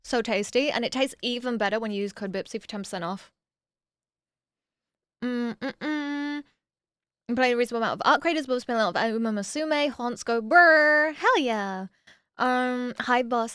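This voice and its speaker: A woman's voice: fairly high pitch, clean tone, no echo. Chatty woman streamer with a dry close mic. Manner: chatty, reads viewer messages aloud and answers them; bursts of excited exclamations. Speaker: streamer reading chat. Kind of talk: casual stream chat.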